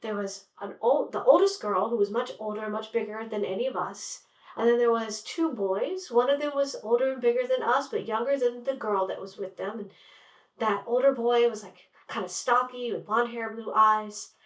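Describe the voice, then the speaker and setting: Woman storyteller, wry and chatty, somewhat high, mic far off in an echoey room. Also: a bit bright. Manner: wry, conversational, with lots of "like". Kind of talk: personal storytelling. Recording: roomy sound from a distant mic.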